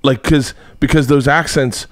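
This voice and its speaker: Man, podcast host, casual chat, rambling, excitable, dry sound. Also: mid-range voice, normal speed, no echo. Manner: rambling, excitable, restarts often. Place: home studio room.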